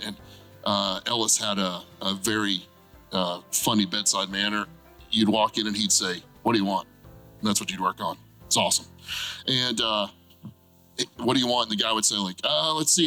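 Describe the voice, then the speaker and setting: A man talking through ideas in a relaxed conversational way, often checking in with "right?". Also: on the low side, low-quality recording. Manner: animated, frequent "right?" tag questions. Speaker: therapist guest. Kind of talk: conversational explanation.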